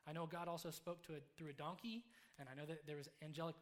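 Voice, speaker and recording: Male preacher with a fairly high, rapid-fire voice who tells stories with lots of energy. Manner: fast, animated storyteller. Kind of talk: sermon with personal storytelling. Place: room with a live congregation.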